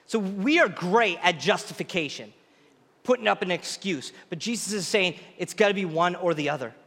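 A male pastor delivers a sermon in a high, clear voice. He is earnest and emphatic and repeats his key phrases. The sound rings with the long reverb of a large hall. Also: lively intonation, moderate pace, fairly bright tone. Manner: earnest, repetitive, emphatic preaching.

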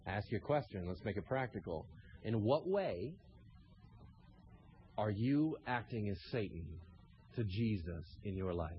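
A man preaching a sermon as pastor, animated, acting out scenes with sudden shouted asides. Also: lowish voice, measured pace, long pauses, lo-fi sound, a little hiss or hum.

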